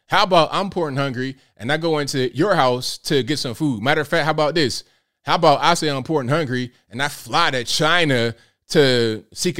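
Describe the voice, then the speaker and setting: A man's voice: on the high side, fairly bright tone. A man hosting a live show, talking in a casual, blunt, rambling way and riffing with rhetorical questions. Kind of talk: casual livestream commentary.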